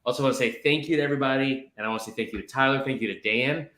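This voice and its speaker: A man's voice: medium pitch, rapid-fire, fairly bright tone, reverberant. A man co-hosting a podcast in casual banter, rambling and profane but heartfelt. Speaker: podcast co-host.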